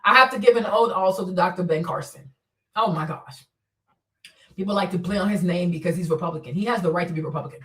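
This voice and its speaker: A woman hosting a casual livestream, talking in an animated, profane way that swings between loud outbursts and quiet mutters. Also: lowish voice, fast talker, recorded from a distance. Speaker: livestream host. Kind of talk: casual unscripted commentary. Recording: roomy echo, voice a bit off-mic.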